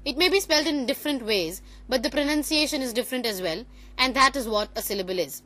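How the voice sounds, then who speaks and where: High bright-voiced woman presenting a lesson. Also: quick pace. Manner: explanatory, with self-corrections. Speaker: student presenter. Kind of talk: classroom presentation on phonetics.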